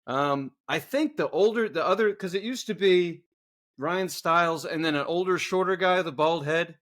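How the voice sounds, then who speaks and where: Casting note: man, casual podcast co-host, sweary storyteller who shouts out his reenactments, voice sits a bit high. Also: normal speed. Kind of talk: casual chat.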